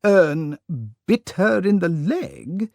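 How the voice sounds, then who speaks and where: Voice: mid-range voice, extremely slow, vocal fry, darkish tone, dry recording, clean studio sound, pitched above the performer's own voice. The narrator voicing a flustered, easily troubled elderly male aristocrat who sputters indignant questions in an audiobook story. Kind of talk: audiobook character reading.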